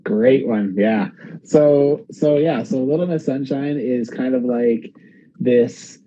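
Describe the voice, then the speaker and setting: A man's voice: medium pitch, slow pace, dark tone, muffled recording. A man hosting a casual podcast, rambling with lots of fillers and the odd swear. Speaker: podcast host. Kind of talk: casual chat.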